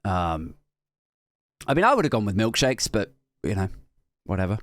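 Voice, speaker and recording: A male podcast comedian riffing in a sardonic, rambling monologue and swearing freely. His pitch swings widely from low mutters to high squawks. The recording is dry and close, with no room echo. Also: huge pitch swings, unhurried, long pauses, fairly bright tone. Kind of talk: comic monologue.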